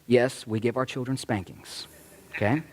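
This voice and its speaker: A man's voice: medium pitch, normal speed, heavy background noise. A man, a rabbi preaching to his congregation, telling a family story animatedly and acting out the voices of the people in it. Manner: animated, acts out quoted voices of children. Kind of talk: sermon storytelling. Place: congregation sanctuary.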